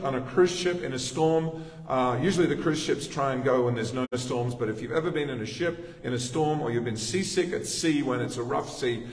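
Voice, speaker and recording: A man with an Australian accent preaching a sermon in a conversational way, with asides to the congregation. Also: fairly high pitch. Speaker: pastor. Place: church sanctuary. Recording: echoey church hall, distant mic.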